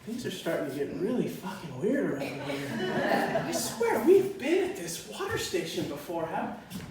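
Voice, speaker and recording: A man performing a personal story on stage at a live storytelling show, animated and self-mocking, swearing freely. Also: sits high, normal speed, over a noisy crowd. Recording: echoey hall, voice from far off.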